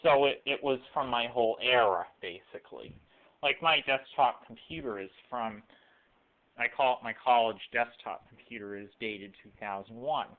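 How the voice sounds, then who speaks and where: A young man talks through a rambling vlog monologue at an even, middling pitch, stopping and restarting his thoughts. The sound is thin and weak, recorded on a cell phone camera. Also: narrow, tinny audio. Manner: halting, full of restarts and fillers. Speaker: vlogger.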